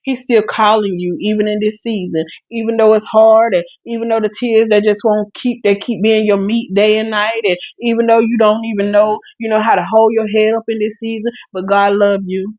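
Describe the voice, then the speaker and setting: A woman with a mid-range, darkish voice keeps a level tone at a moderate pace, hardly pausing, in a dry recording with poor audio. Hosting a podcast on a live stream, she delivers an earnest preaching testimony about faith and grief, restarting frequently and encouraging her listeners directly.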